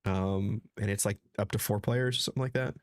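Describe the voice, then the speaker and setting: A man's voice: fairly low pitch, steady tone, no echo, studio quality. A sick man co-hosting a comics podcast, talking casually with frequent fillers and teasing. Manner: halting, many fillers, teasing. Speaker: podcast co-host. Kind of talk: casual chat.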